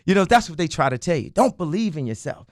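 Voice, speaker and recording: A man talking as a radio interview guest, impassioned, swinging between loud declarations and low murmurs. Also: sing-song, quick pace, big-room sound. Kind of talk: passionate radio interview talk.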